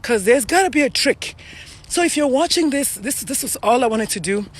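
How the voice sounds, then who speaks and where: Out of breath as she walks uphill outside, a middle-aged Nigerian woman talks to live-stream viewers in an earnest, chatty way. Her voice is high and husky, with lively intonation and a moderate pace.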